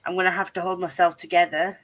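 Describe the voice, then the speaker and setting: A woman's voice: fairly low pitch, flat delivery, fast talker. A young adult woman hosting a casual chat, rambling along and swearing freely. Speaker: host.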